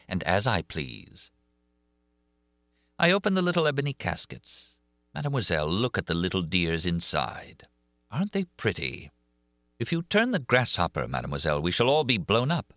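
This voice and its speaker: A man voicing a cold, deliberate masked phantom who taunts calmly. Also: low voice, no echo, studio quality, full character voice.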